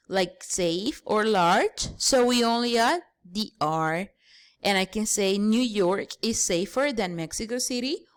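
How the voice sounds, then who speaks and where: Slow, patient woman teaching English grammar. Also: mid-range voice. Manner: patient, step-by-step explaining, spells out letters. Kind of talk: grammar lesson.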